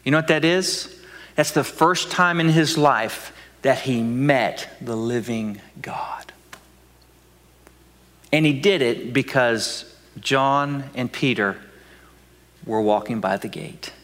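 A man's voice: mid-range voice, takes it slowly, a bit bright, in a large hall. A man preaching a sermon with dramatic delivery, acting out voices and dropping to whispers for emphasis. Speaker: pastor.

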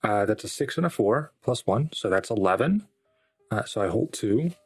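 A man's voice: lowish voice, lively intonation, moderate pace, slightly rough, dry recording, soft background music. Hesitant man playing a tabletop game. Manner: hesitant, many fillers, thinking aloud. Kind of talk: casual actual-play chat.

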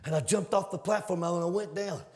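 A man preaching a fervent sermon, telling stories in a folksy way and building to shouted climaxes. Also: sits high, brisk. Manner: storytelling in a folksy, conversational way.

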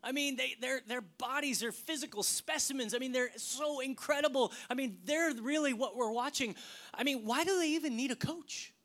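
A middle-aged man delivers a sermon in the manner of a working pastor. His delivery swings from loud, emphatic bursts to hushed, whispered asides. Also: very high-pitched, normal speed.

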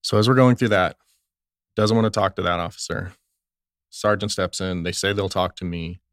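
A man's voice: deep voice, fairly even intonation, moderate pace, fairly bright tone, no room sound, clean studio sound. A young adult man, a police officer, earnestly telling stories from his work in an interview and quoting what people said. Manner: earnest, retells scenes with quoted dialogue. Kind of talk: conversational interview storytelling.

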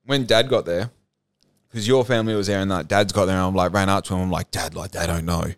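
Podcast host, smooth low voice. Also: male voice, no room sound. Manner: animated storyteller, quick rambling asides. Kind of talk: casual chat.

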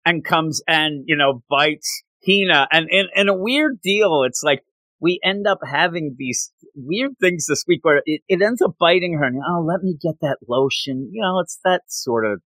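A man casually recapping a manga chapter with a co-host, rambling and quickly acting out the characters' lines. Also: on the high side, lively intonation, sharp tone, dry recording.

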